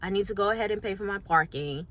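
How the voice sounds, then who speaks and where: A middle-aged vlogger and makeup artist in New York City talks to camera candidly, reflecting on her week and sharing her thoughts with followers. She speaks fast in a mid-range, slightly bright voice.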